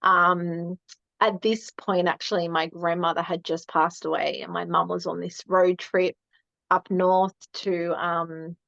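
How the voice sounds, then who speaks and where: A woman, a guest telling a family story in casual chat, full of "um" and "like" and quick laughs. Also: fairly low pitch, little pitch movement, gravelly, a bit bright, no echo. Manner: chatty, lots of "um" and "like", laughs often. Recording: dry, dull lo-fi mic sound.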